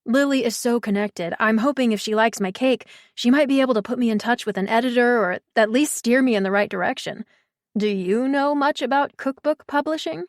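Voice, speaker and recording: A man's voice: very high-pitched, brisk, no room sound, studio quality. A woman voicing a friendly male baker in a storybook, talking in an earnest, grateful way. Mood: eager.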